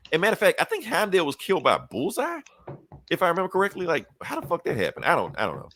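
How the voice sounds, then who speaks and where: A man co-hosting a podcast, casually recapping a comic with animated, profane retellings. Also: on the high side, fast talker, a little hiss or hum. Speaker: podcast co-host.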